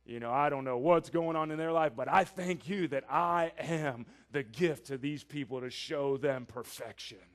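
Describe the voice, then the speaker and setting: A man's voice: fairly high pitch, moderate pace, few pauses, voice pushed down, natural voice. A man voicing a self-righteous Pharisee who prays boastfully about his own perfection. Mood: smug. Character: smug self-righteous male Pharisee praying.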